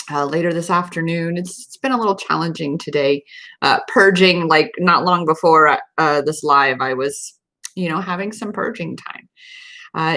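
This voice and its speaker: A woman's voice: fairly low pitch, bright, forceful tone. A woman hosting a live stream as a self-empowerment coach, talking casually and earnestly, with many fillers and repeated words. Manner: earnest, emphatic, with fillers and repetitions.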